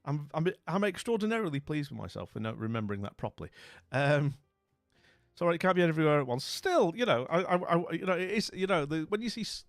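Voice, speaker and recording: A man's voice: on the high side, expressive, quick pace, dry recording, clean studio sound, faint music behind. A man hosting a live stream in casual chat, jovial and rambling, greeting viewers with theatrical exclamations.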